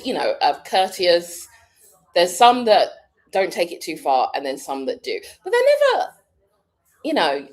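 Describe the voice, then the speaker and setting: A British woman vlogger chats with her audience in a relaxed way, breaking into laughter as she thinks aloud. Her voice sits low but moves through a lively, animated range. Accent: British English. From United Kingdom. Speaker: vlogger answering a live chat. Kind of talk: casual chat.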